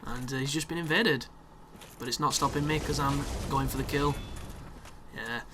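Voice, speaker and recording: A young man commentating on his own gameplay, excitable and sweary, with sarcastic asides. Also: a little high, noisy background. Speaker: gaming commentator.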